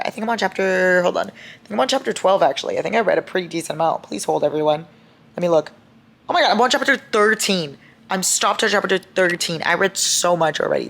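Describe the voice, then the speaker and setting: Chatty young woman with a lowish voice. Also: gravelly, a little hiss or hum. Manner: chatty, expressive, swears freely, bursts into laughter and shocked outcries. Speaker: book vlogger. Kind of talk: casual reading vlog chat.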